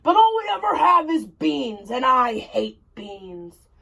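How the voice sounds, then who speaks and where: Woman doing a booming grumpy giant. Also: very animated, vocal fry, sharp tone, full character voice. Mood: grumbling. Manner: booming, slow, complaining. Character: hungry grumpy giant husband, huge and loud.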